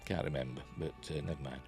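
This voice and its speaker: A man with a Yorkshire accent and a husky, low, deep voice reviews a TV episode in a casual, easy ramble, often slipping in "you know" and "um" between thoughts. Faint music plays quietly in the background.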